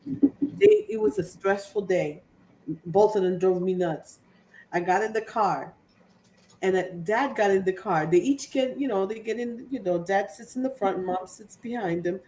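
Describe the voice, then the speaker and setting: Animated woman in an echoey room. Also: medium pitch, moderate pace, recorded from a distance. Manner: animated storyteller, laughs often. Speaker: co-host of a crafting live show. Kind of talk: casual chat.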